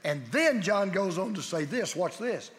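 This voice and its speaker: A man's voice: high-pitched, lively intonation, unhurried, a bit bright. A middle-aged man preaching a sermon with an emphatic, repetitive cadence. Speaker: pastor. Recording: long hall reverb.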